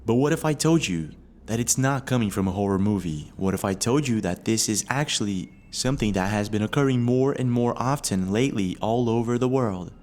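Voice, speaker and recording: Male narrator, lower pitch, steady scripted storytelling that poses leading questions. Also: fairly quick, few pauses. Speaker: video narrator.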